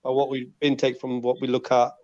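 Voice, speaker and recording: A man's voice: medium pitch, monotone, a little fast, mellow. A man on a podcast panel, arguing his point insistently and pushing to be heard. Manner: argumentative, insistent on being heard. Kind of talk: heated podcast debate. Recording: dull lo-fi online call audio.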